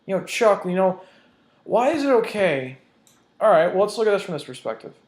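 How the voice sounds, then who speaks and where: Very animated and brisk, a high-voiced American man rants in a vlog, heated and profane, pounding his points with emphasis. A roomy echo fills the recording.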